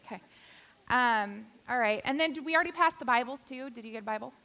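A woman's voice: fairly high pitch, fast, pushed and bright. A woman preaching a sermon to a church congregation, with playful, self-deprecating humor. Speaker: guest preacher. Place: church sanctuary.

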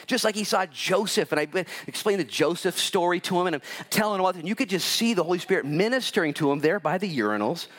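A man with a somewhat high voice preaches a sermon from the church pulpit. He tells personal stories in an animated way, his pitch leaping up and dropping low. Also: quick pace, few pauses. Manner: animated, lively storytelling with big swings in pitch. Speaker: pastor. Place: church sanctuary.

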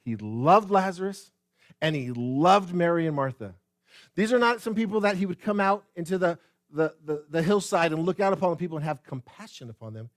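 Animated high-voiced male preacher. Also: a little fast, no room sound, studio quality. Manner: animated preaching with rhetorical questions and repetition; addresses the congregation directly. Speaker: pastor. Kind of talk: sermon.

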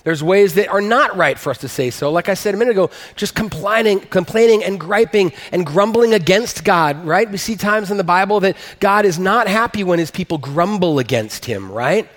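A man's voice: high-pitched, lively intonation, moderate pace, hardly any pauses, fairly bright tone, in a large hall. A man preaching a sermon as a pastor, earnest and emphatic, rising to stress his points.

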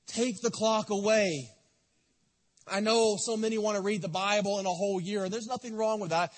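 A man preaching a sermon in a church, impassioned, swinging from loud to soft. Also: high-pitched, steady tone, normal speed. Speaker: pastor. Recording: long reverb of a church hall.

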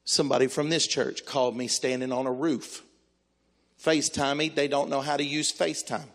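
A man, a pastor, telling a story in a sermon in an animated, exclamatory way and acting out the voices. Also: mid-range voice, moderate pace.

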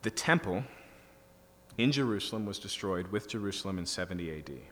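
A pastor explaining scripture line by line, building to emphatic bursts. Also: male voice, low voice, lively intonation, fairly quick, a bit bright. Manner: teaching, rising to emphatic bursts. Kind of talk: expository sermon. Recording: reverberant hall with faint hum.

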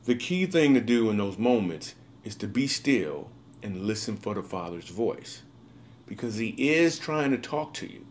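A man's voice: on the low side, big pitch swings, measured pace, slight background noise. A man in a recorded video monologue, telling a personal story in a casual, upbeat way with slangy asides.

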